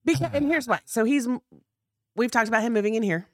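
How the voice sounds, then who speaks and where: A woman's voice: a little high, animated, quick pace, dry recording. Middle-aged lady cohost, sets things straight, voice goes up and down a lot, dry mic. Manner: correcting, matter-of-fact. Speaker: podcast co-host. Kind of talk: casual chat.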